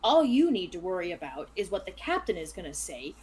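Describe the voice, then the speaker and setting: Brief: gruff, curt male guard in a tabletop game, put on by a woman. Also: fairly low pitch, very animated, brisk, a little mellow, a little hiss or hum. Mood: stern. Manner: curt, threatening.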